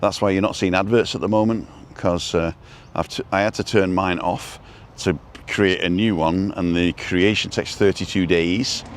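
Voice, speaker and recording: A rambling, chatty man hosts a live stream from his phone while out on a street, pausing to read viewer comments. His voice sits on the low side, and a faint hum of traffic runs underneath. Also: steady tone. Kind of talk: casual live-stream chat.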